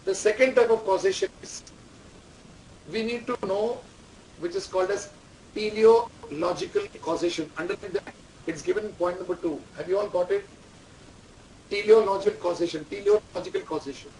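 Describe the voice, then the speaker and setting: This management lecturer has a high-pitched but darkish voice, speaking expressively at a moderate pace. He repeats key terms, quizzes students, and dictates instructions in class. A distant mic captures faint room noise.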